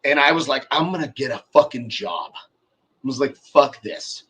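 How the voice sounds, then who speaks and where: A man's voice: medium pitch, lively intonation, normal speed, a bit bright, breathy edge. A man in his forties telling a long workshop story in casual, profane chat, acting out the people he quotes.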